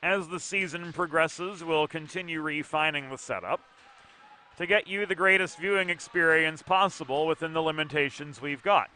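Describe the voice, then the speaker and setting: A man calling youth hockey play-by-play from an arena, brisk and precise with dry asides. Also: fairly high pitch, bright, forceful tone, slight background noise. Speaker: play-by-play commentator. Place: ice arena broadcast position.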